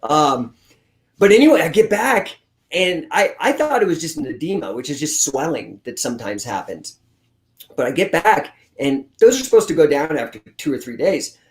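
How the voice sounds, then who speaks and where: A man's voice: on the high side, moderate pace. A man in his forties, a guest telling blunt, profanity-laced stories in a casual interview. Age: 40s. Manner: profane, blunt, animated storyteller. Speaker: guest, grappling coach. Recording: roomy echo.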